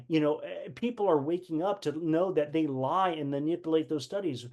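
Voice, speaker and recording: Earnest man teaching, slightly high voice. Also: moderate pace, a little mellow. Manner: earnest, repeats words, acts out quoted dialogue. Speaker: leadership course teacher. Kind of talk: personal teaching talk.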